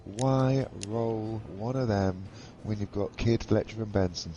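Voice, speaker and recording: A man chatting casually in voice chat while gaming, excitable and stammering through restarts. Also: fairly low pitch, unhurried, dull audio, a little hiss or hum. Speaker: guest gamer.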